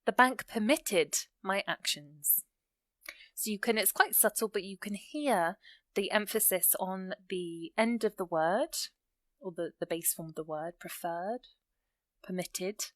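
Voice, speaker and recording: A woman teaching English grammar, explaining rules patiently and reading example sentences slowly with stressed key words. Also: medium pitch, no room sound, studio quality.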